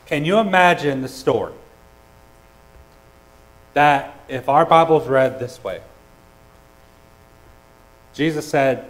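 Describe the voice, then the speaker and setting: A man preaching a sermon, earnest and personal, with hesitant restarts and swings between loud and soft. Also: mid-range voice, takes it slowly, pauses often, rough recording. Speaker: pastor.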